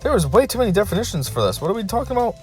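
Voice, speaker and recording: A man's voice: high voice, racing, soft background music. A man hosting a casual solo video, reading dictionary definitions aloud and breaking off now and then to complain. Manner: reads definitions flatly, breaks off to complain and laugh.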